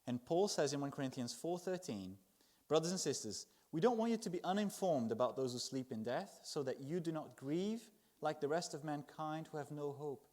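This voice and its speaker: A man preaching a Sunday sermon in church, expressive, swinging from loud emphasis to hushed words. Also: a little high, normal speed.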